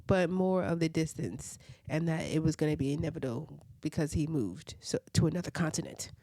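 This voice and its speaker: A woman's voice: on the low side, vocal fry, warm tone, no echo. A woman casually recapping reality TV episodes, chatty and full of side comments and "like" fillers. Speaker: reality TV reviewer.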